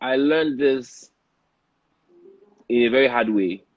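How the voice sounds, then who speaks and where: A man's voice: medium pitch, slow pace, dry recording, phone-quality sound. A man with a Nigerian accent talking earnestly as a podcast guest, often repeating words as he presses a point. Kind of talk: candid podcast discussion.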